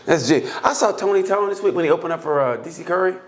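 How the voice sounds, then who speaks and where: Lively, profane man podcast co-host. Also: fairly high pitch, quick pace. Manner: profane, animated, acts out voices in anecdotes. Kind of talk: casual comedic chat.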